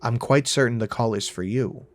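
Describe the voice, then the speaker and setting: A man doing a flat, monotone possessed shop clerk. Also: medium pitch, normal speed, natural voice. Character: possessed female thrift store clerk, glazed and eerie.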